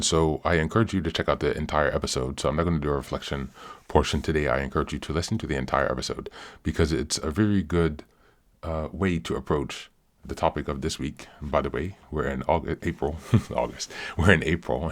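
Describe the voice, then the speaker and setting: A man with a very deep voice reads podcast announcements in a steady, even manner. He introduces the next segment as the show's host.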